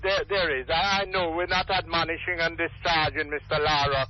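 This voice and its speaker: Older jamaican man, high voice, emphatic and rambling, muffled radio phone line. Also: fairly even intonation, normal speed. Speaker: radio call-in caller. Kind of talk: impassioned call-in talk.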